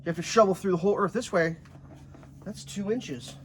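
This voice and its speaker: A slightly high-voiced man giving a blunt, profane, joking walkthrough outdoors at a building site, shovel in hand. Faint outdoor noise sits behind his voice, caught on a handheld camera. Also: brisk. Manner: blunt, joking, swears freely. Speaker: home builder. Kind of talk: casual how-to vlog. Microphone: handheld camera, some of it filmed one-handed by himself.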